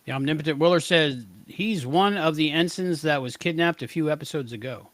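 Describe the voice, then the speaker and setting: A man's voice: a little high, a little fast, dry recording. A man co-hosting a podcast in casual review chat, easygoing and reading viewer comments aloud. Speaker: podcast co-host.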